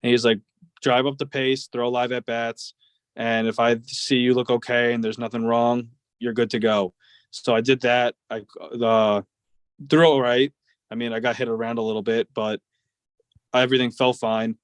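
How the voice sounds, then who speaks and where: Young male ballplayer, casual guest, rambling storyteller with many fillers, monotone delivery. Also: medium pitch, normal speed, clean tone, no echo. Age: 20s. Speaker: guest, professional baseball player.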